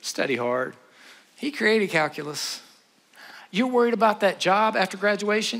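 A man preaching a sermon to an audience, animated and acting out scripture scenes in quick voices. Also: high voice, vocal fry. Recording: long hall reverb.

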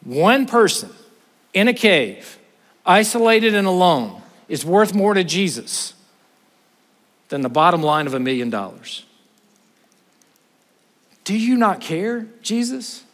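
Male preacher with a high voice, lively sermon storytelling that swings from loud to hushed, in a reverberant hall. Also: unhurried, pauses often. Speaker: pastor.

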